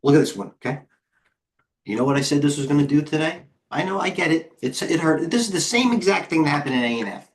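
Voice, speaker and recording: Excitable middle-aged man commenting on charts. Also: fairly high pitch. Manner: fast, excitable, talks to chat viewers while scanning charts. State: out of breath. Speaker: host and head trader. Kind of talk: live trading stream commentary.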